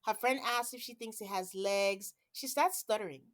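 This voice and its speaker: A woman's voice: medium pitch, moderate pace. A woman hosting a podcast, recapping a reality show in casual chat; she talks freely, jumps into quoted voices and laughs often. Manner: chatty, animated when quoting people, laughs often. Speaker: podcast host.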